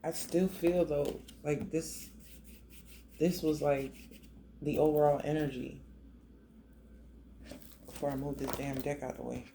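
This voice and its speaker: A man with a gravelly, mellow voice gives a tarot reading in a loose, emotional, conversational way, often restarting his sentences. A faint hiss of background noise sits under his voice. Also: a little high, level tone, measured pace, pauses often. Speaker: tarot reader. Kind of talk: casual tarot reading to camera.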